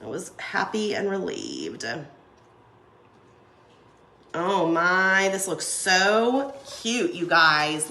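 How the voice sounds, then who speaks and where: A woman's voice: on the low side, very animated, very slow, long pauses, bright, forceful tone, reverberant, slight background noise. A woman who has a cold, chatting casually and laughing as she crafts and answers viewer comments. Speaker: craft livestream host. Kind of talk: casual chat while crafting.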